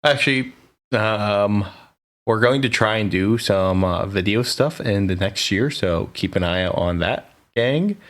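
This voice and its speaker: An American man co-hosting a podcast in casual chat, teasing and joking around. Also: sits low. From United States. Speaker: podcast co-host.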